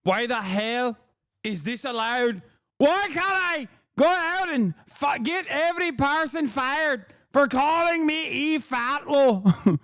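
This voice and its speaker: A man's voice: very high-pitched, lively intonation, slow pace, a bit bright. A man streaming casual reaction commentary, sarcastic, profane and mocking.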